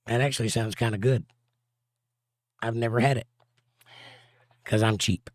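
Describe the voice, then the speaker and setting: A man's voice: mid-range voice, steady tone, normal speed, no echo. A man with a Southern US accent hosting a casual livestream, reading viewer comments aloud with dry, sarcastic humor. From southern United States. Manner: dry, sarcastic, drawling asides. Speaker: livestream host reading chat. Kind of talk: casual chat.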